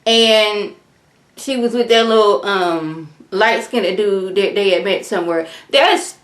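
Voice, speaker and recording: A woman's voice: mid-range voice, slow pace. A woman, chatting casually as she recaps a reality show and acts out the cast's quotes in voices. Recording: echoey room.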